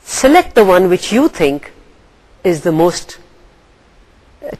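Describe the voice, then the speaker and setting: A woman from Pakistan, an English lecturer reading a story aloud and then going over comprehension questions in a deliberate, expressive way. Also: on the low side, rough recording.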